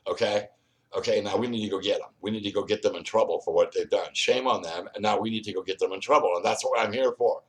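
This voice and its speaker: A man's voice: fairly low pitch, fast. A man hosting his own video, rambling straight at the viewer and often repeating and restarting his words. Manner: confrontational, speaks straight to the viewer. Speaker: video host. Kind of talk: solo vlog monologue.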